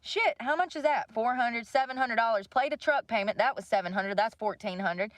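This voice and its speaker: A woman's voice: on the high side, a little fast, dry recording. Casting: young woman, livestream host, blunt and profane, dry close sound. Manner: blunt, swears freely, venting about money. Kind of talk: casual rant to viewers.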